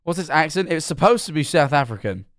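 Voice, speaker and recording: A man's voice: a little high, expressive, quick pace, fairly bright tone, no echo, studio quality. A young man casually commenting while reacting to a video, chatty and self-mocking, stumbling over words.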